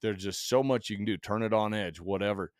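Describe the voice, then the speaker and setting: A male podcast guest speaking in a relaxed, measured way with dry humor, in casual chat. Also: on the low side, dry recording. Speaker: podcast guest, firearms expert.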